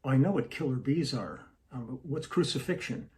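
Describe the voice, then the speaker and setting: An anxious, uneasy Jesus, as a man puts him on while telling a joke, talking quietly and hesitantly. The voice sits at a middling pitch with no heavy styling. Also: lively intonation, moderate pace, lightly acted. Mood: puzzled. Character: anxious young male Jesus, alarmed.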